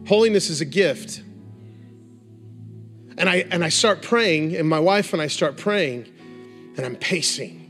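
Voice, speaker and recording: Male revival preacher, high voice, fervent, faint music bed. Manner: passionate, swings from hushed to rising exhortation. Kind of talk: sermon.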